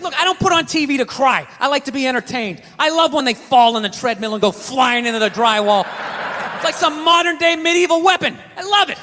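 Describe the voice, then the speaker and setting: A sarcastic stand-up comic with a Boston accent, ranting from a club stage and jumping from low mutters to yelled bits. His voice sits high and bright, with an edge. The room rings with a long reverb, and faint audience laughter sits behind him. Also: slight background noise. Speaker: stand-up comedian. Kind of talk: stand-up comedy set. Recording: reverberant venue with crowd laughter.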